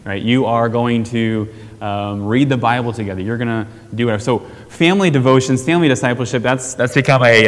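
Man, lowish voice, chatty church teacher, long reverb hall, keeps checking in with "right?". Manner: conversational, asks the audience questions, frequent "right?". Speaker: teacher on family discipleship.

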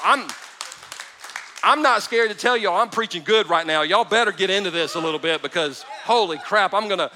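High, bright-voiced animated preacher man. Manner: animated, swinging from hushed to loud, joking asides. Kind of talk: sermon. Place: church hall with a live audience.

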